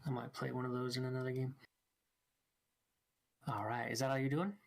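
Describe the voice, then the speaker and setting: A man with a gravelly edge to his voice runs a tabletop game over voice chat. He narrates outcomes and calls for rolls in a relaxed, chatty way, at an ordinary pitch. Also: fairly quick. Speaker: dungeon master.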